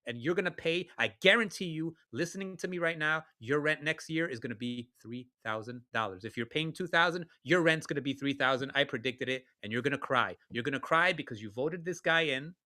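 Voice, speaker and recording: A man's voice: medium pitch, a little fast, few pauses, bright, forceful tone. A man co-hosting a talk show, ranting bluntly and cursing as he gives heated political commentary. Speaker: podcast co-host.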